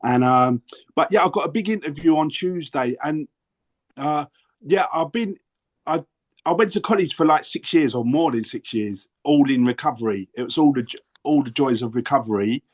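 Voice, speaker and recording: A man's voice: on the high side, expressive, moderate pace. Older London man sharing at length. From England. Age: 60s. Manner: rambling, self-interrupting, earnest. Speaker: workshop participant. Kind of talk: casual sharing on a video call.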